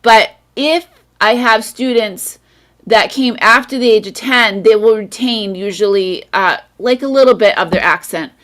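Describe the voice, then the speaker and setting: A woman's voice: a little high, unhurried. An American woman hosting a casual video call, talking in a chatty way with lots of fillers. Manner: chatty, warm encouragement, frequent fillers. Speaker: English teacher and host.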